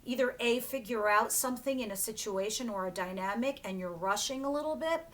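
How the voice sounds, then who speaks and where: A woman's voice: a little high, a little fast, a bit bright. A woman giving a casual tarot reading to camera, chatty and emphatic, swearing freely and often laughing. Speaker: tarot reader.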